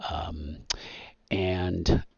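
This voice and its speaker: A man's voice: sits low, level tone, very slow, creaky, darkish tone, slightly rough, no room sound, highs cut off. A man narrating a tabletop game as game master, hesitant and full of ums and restarts.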